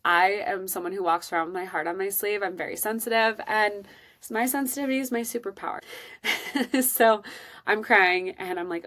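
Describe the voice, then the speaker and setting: A woman hosting a podcast, telling a personal parenting story in an earnest, emotional and expressive way. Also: mid-range voice. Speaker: podcast host.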